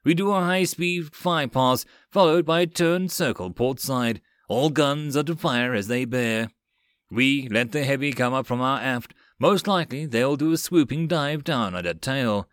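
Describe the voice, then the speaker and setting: A man voicing a commanding male air crew chief who yells orders. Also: medium pitch, unhurried, clean tone, no echo, studio quality, lightly acted. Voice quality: loud, barking orders.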